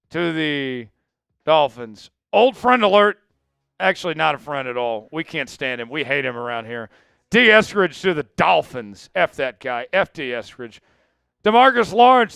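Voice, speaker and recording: A man's voice: on the high side, gravelly, sharp tone, no room sound, studio quality. A man hosting a live sports news stream, blunt and opinionated, rattling off news items while worn out after hours of live coverage. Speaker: sports show host.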